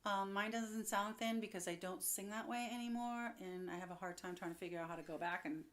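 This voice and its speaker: A young woman giving a singing lesson, upbeat and chatty, explaining as she goes. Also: medium pitch. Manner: upbeat, explains with quick demos and laughs. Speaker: vocal coach.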